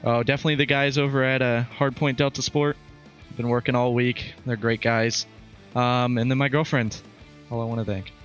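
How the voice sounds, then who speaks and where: A man's voice: mid-range voice, little pitch movement. A man still catching his breath after a race, talking in stops and restarts. His audio is a little dull, with faint music behind. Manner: halting, with many fillers and restarts. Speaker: winning driver. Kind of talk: post-race interview.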